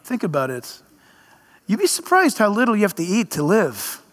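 A man's voice: high-pitched, huge pitch swings, moderate pace, fairly bright tone. A male pastor preaching a conversational sermon to his church, full of emphatic rhetorical questions. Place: church sanctuary. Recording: long reverb of a large hall.

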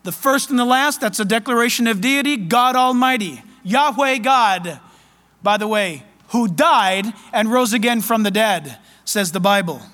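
Fervent high-voiced male preacher. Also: unhurried, in a large hall. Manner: fervent, loud and excited. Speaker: pastor. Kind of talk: sermon.

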